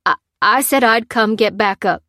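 A woman voicing a panicked bearded male farmer who shouts in a frantic, garbled rush. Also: medium pitch, moderate pace, no room sound, studio quality, voice pushed up, lightly acted.

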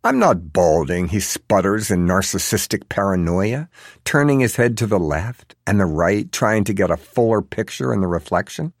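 A man's voice: on the low side, animated, moderate pace, no echo, clean studio sound. A man narrating a story in a wry, sardonic manner. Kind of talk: audiobook narration.

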